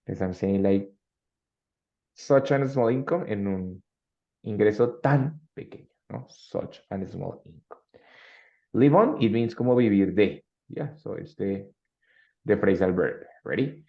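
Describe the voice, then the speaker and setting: Gravelly male teacher. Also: on the low side, animated, unhurried, lo-fi sound. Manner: switches between English and Spanish, explaining with examples. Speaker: English teacher. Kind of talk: online English class.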